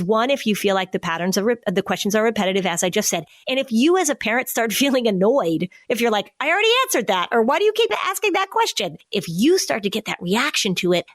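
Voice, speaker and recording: A woman's voice: mid-range voice, no echo, clean studio sound. Woman explaining anxiety patterns. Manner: explanatory, acts out kids' questions. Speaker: podcast host, anxiety expert. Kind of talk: casual podcast chat.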